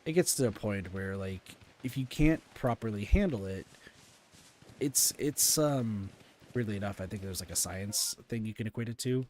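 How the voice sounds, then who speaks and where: A man's voice: lowish voice, normal speed, darkish tone, slight background noise. A man streaming a game, chatting casually and rambling through his frustrations with plenty of fillers and restarts. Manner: rambling and candid, full of fillers and restarts, venting. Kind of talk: casual stream chat while playing.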